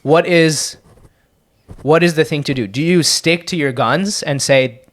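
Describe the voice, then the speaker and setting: A man's voice: on the high side, moderate pace. A young man from Canada hosting a podcast, chatting casually in a loose, profane, rambling way with many restarts. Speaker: podcast host and comedian. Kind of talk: casual chat.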